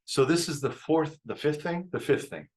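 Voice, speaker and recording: A man teaching couples about forgiveness in a relaxed live-stream talk, reflective, often repeating his phrases and laughing easily. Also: on the high side, moderate pace, rough recording. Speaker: relationship coach.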